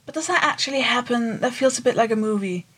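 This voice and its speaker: A woman co-hosting a podcast in easy, casual chat. She jokes around and works through her ideas out loud, often trailing off and restarting. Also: fairly high pitch, quick pace, breathy edge. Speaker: podcast co-host.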